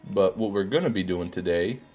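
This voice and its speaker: A man's voice: sits low, brisk, darkish tone, faint music behind. A man with a groggy morning voice hosting a live gaming stream. He chats casually, reads out viewer messages and swears when things go wrong.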